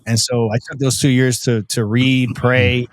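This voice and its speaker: A man's voice: mid-range voice, flat delivery, unhurried, no echo, clean studio sound. A man as a podcast guest telling his personal testimony in an earnest, storytelling way, with frequent restarts and a casual "bro" to the host.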